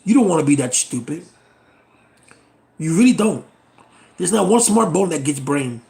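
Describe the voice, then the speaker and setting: Channel host, American man, middle-aged: high, fry-edged voice, blunt and profane political rant. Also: a little mellow, echoey room. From United States. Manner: blunt and exasperated, swears freely.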